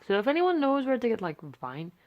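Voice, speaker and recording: A woman's voice: fairly high pitch, sing-song, fairly quick, lo-fi sound. A young woman casually talking through her sketchbook, rambling and self-deprecating with many fillers, sleepy and yawning. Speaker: artist vlogger. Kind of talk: casual sketchbook tour chat.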